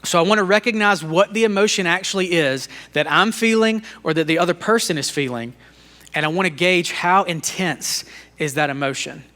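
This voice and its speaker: Bright-voiced man teaching a live audience. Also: high voice, normal speed. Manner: conversational, acts out talks with his young son. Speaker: speaker at a church leadership talk.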